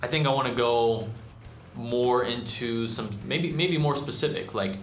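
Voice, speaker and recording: A young man who hosts a channel and makes music rambles casually through an update, full of fillers and self-deprecating asides. His medium-pitched voice moves a little slowly, and the echoey room carries faint music along with a slight hiss or hum.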